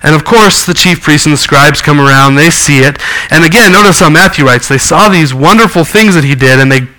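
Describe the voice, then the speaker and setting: A man's voice: on the high side, a little fast, pushed and bright, rough recording. A man preaching a sermon, reading scripture and explaining it earnestly. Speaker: pastor.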